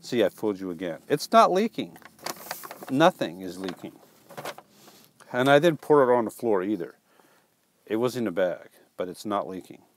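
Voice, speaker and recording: A man's voice: lowish voice, very animated, moderate pace, long pauses, a little hiss or hum. Joking man hosting a live stream. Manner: joking, reads viewer comments aloud; stumbling restarts, playful teasing. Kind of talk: casual live stream chat.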